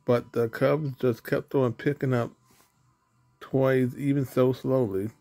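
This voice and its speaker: A man narrating a children's storybook aloud in a steady, plain way. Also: mid-range voice, slow pace, vocal fry, faint music behind.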